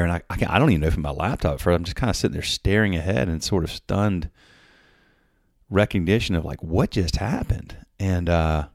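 A man's voice: low-pitched, darkish tone, no room sound, studio quality. A man telling a work story casually, full of fillers and restarts, acting out the quoted dialogue. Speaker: podcast host telling a story.

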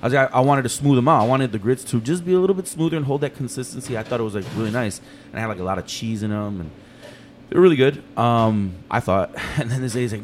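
A fast-talking man tells a story from his kitchen days in loose, profane podcast chat. He acts out every voice in the tale with lively energy. A faint hum of room ambience sits under his voice. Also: mid-range voice. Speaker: chef and restaurant owner.

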